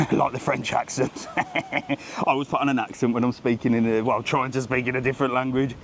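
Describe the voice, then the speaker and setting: He talks briskly in a medium-pitched, steady tone, with slight background noise. A travel vlogger filming a live walk down a seaside street on his handheld phone, he's chatty and jokey, greeting passersby.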